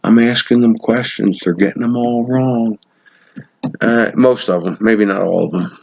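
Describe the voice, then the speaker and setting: A man telling a story in a casual monologue, animated and swearing now and then as he acts out what people said. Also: on the low side, unhurried, vocal fry. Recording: dull lo-fi sound.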